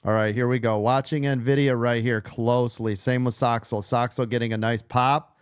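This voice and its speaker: A man's voice: medium pitch, little pitch movement, moderate pace, smooth, dry recording, studio quality. A man losing his voice, coaching a live trading room, blunt and profane, repeating key points.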